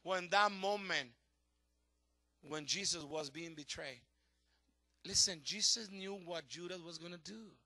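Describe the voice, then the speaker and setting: High-voiced passionate preacher, man. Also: unhurried, long pauses, no echo. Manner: passionate preaching, swings from shouts to hushed tones; slightly non-native English grammar. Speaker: pastor. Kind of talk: sermon.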